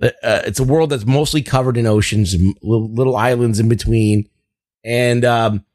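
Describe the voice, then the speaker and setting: A man's voice: mid-range voice, steady tone, normal speed, a little mellow, no echo, studio quality. A man co-hosting a podcast, chatting casually about a show with lots of fillers and swearing. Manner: rambling, profane, lots of fillers. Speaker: podcast co-host. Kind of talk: casual review chat.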